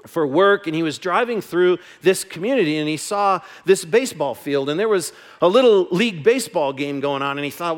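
A man pastor giving a sermon, moving between loud, emphatic declarations and soft, hushed reading. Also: a little high, expressive, a little fast, few pauses.

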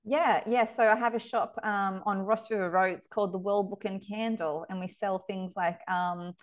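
An Australian woman telling stories in a casual interview chat, animated and laughing often, with excited squeals. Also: medium pitch, moderate pace. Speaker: psychic medium and shop owner, podcast guest.

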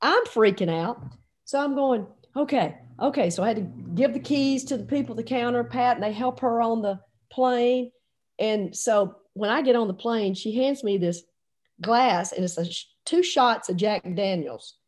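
A woman telling a lively personal anecdote, acting out the dialogue as she goes. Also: fairly high pitch, normal speed. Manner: animated, lots of quoted dialogue. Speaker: storyteller recalling a coaching trip. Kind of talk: anecdotal storytelling.

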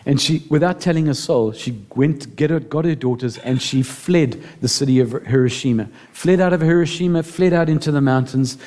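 A man's voice: fairly high pitch, moderate pace, hardly any pauses, warm tone. A man preaching a sermon as pastor, emotional and building to impassioned appeals.

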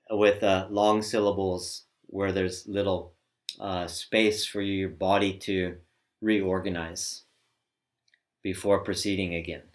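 Patient man teaching pronunciation. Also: lowish voice. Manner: patient, hesitant, demonstrates sounds aloud. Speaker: Sanskrit recitation teacher. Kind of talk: step-by-step pronunciation lesson.

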